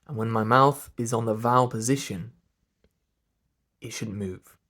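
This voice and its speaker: In a slow pronunciation lesson, a man with an RP English accent works through sounds individually, drilling and explaining them. His mid-range voice has a fairly bright tone and moves a little slowly.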